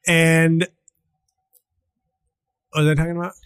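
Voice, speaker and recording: A man's voice: fairly high pitch, completely flat delivery, a little slow, fairly bright tone, smooth. A middle-aged man hosting a podcast in casual comedic chat, acting out quotes with shifting voices. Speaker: podcast host.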